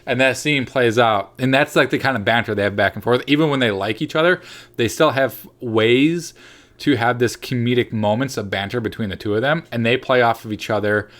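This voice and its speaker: A man's voice: mid-range voice, brisk, fairly bright tone. A man co-hosting a movie review show, chatting casually and enthusiastically with many restarts. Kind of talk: casual chat.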